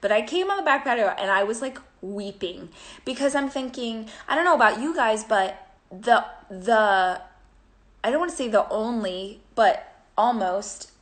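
A woman's voice: on the high side, animated, normal speed. A woman co-hosting a casual live show. She tells her story in an emotional, rambling way, full of fillers and restarts. Her voice rises and falls a lot. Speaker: co-host.

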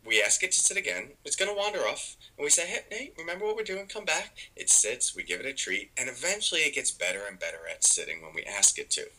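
A man's voice: fairly low pitch, sing-song, fast talker, few pauses, bright, forceful tone, low-quality recording. A man, a meditation author and podcast guest, explaining in casual chat and acting out the inner voices of his stories.

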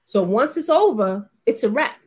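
A woman's voice: a little high, animated, normal speed, darkish tone, breathy edge. Blunt, emphatic woman in candid talk. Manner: blunt, emphatic, profane, mimics others mid-story. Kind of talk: candid casual discussion.

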